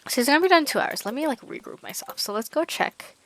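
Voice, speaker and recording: A woman streaming a game in casual let's-play commentary, chatty and talking through each of her moves with quick self-aware asides. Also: sits high, animated, a bit bright, no echo.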